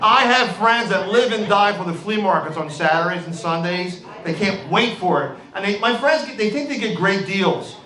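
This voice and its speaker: A middle-aged man with a Philadelphia accent performs a rambling, brash stand-up set on a club stage, peppering it with "all right" and "okay." His high, sharp voice is expressive, at a moderate pace with few pauses. The echoey room carries crowd noise.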